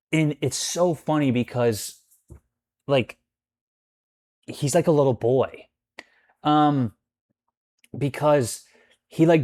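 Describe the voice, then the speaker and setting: Medium in pitch and a touch mellow, this man's voice carries a casual storytime rant about his roommate. The vlogger rambles, swears, and fills his sentences with "like" and similar filler words.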